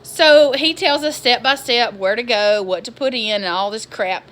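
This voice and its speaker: A woman, telling a story in an exasperated, animated vlog style. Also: a little high, moderate pace. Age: 20s. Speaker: vlogger.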